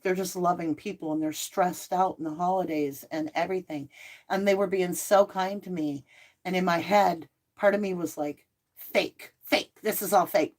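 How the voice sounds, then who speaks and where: A middle-aged woman hosts a casual livestream and talks in a loose, chatty way. Her voice sits a little low, and she answers viewers as she goes. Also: normal speed, a little mellow. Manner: chatty, reads out viewer comments. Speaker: livestream host.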